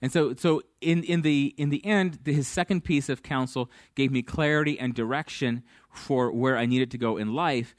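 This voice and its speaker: A man's voice: mid-range voice, normal speed, hardly any pauses, dry recording, clean studio sound. A man preaching a sermon, telling stories and acting out the people in them. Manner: storytelling, acts out dialogue. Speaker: pastor.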